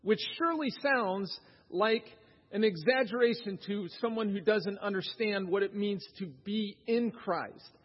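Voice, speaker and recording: An unhurried man with a high-sitting voice gives a sermon in a church sanctuary. He's a pastor speaking conversationally and questioning the congregation; the recording is dull and echoey.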